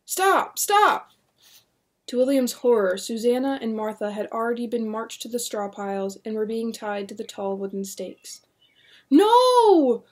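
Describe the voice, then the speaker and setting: Woman reading a spooky novel out loud, steady and measured, kinda high voice. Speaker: audiobook reader. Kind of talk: reading a horror novel aloud.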